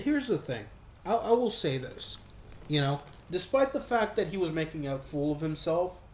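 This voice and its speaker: Profane, animated man ranting in an echoey room. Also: on the high side. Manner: profane, animated, quick asides with mocking quoted voices. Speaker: movie reviewer. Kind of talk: casual ranting review.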